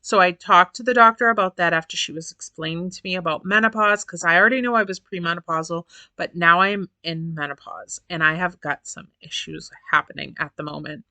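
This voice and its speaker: A woman's voice: on the low side, brisk, hardly any pauses, bright, forceful tone, no echo. A woman in her forties chatting casually to camera as a vlogger, repeating phrases for emphasis and laughing often. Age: 40s.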